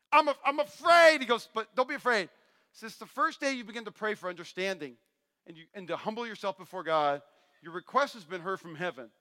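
A male pastor preaching a sermon, animated and joking, acting out Bible characters' lines. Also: sits high. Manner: animated, acts out voices of Bible figures, jokey asides. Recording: long hall reverb.

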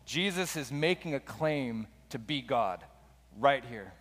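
A man's voice: mid-range voice, animated, takes it slowly, fairly bright tone. Man preaching in a reverberant hall. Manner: casual conversational storytelling. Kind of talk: sermon. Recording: long reverb of a large hall.

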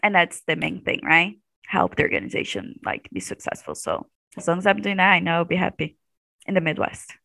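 A woman's voice: on the low side, big pitch swings, a little fast, creaky, bright, forceful tone, no echo, poor audio. A woman in her twenties, a graduate student being interviewed, talking casually and chattily with frequent fillers and laughs. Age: 20s.

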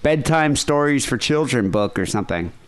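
A man's voice: mid-range voice, animated, moderate pace, smooth. A man hosting a show, chatting casually in a rambling way, with frequent restarts and laughs. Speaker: podcast host. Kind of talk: casual chat.

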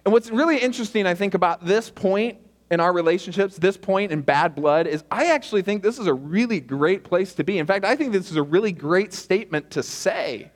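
A man's voice: high-pitched, lively intonation, a little fast, long reverb tail. A man preaching a sermon as pastor, earnest and conversational, often asking the listeners questions. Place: church auditorium.

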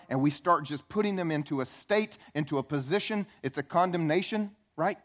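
A man's voice: a little high, fairly quick, few pauses, fairly bright tone. A man preaching a sermon as pastor, emphatic and repeating key phrases for effect.

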